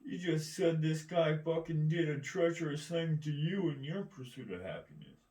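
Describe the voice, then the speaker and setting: Brief: man, rambling profane rant, combative, slightly high voice, distant mic in an echoey room. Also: normal speed, a little mellow. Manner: heavy swearing, keeps asking "right?".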